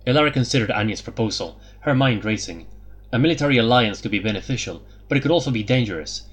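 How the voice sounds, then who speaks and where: A man narrating a fantasy audiobook in a steady, even reading. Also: mid-range voice, fast, husky.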